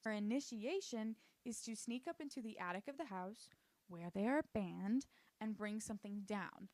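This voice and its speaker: Recapping a TV show for her channel, a woman speaks in a medium-pitched, darkish voice with no echo. She's a casual, sarcastic YouTube commentator who swears freely and drops into quick character voices.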